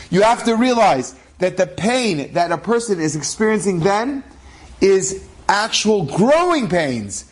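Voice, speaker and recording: A man, a rabbi, telling an inspirational story in an animated way, acting out the quotes and using many Hebrew terms. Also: sits high, unhurried. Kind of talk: storytelling with a moral lesson.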